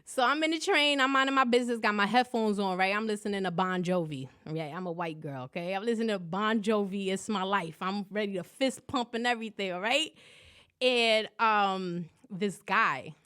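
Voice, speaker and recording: A woman hosting her own podcast, talking loudly and profanely in a casual, animated solo monologue full of slang. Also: medium pitch, moderate pace, clear, resonant tone. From New York. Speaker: podcast host.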